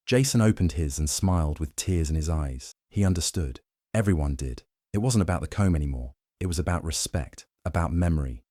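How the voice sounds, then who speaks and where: A man reading a scripted first-person story in an even, measured way. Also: low-pitched, no echo, clean studio sound. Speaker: story narrator.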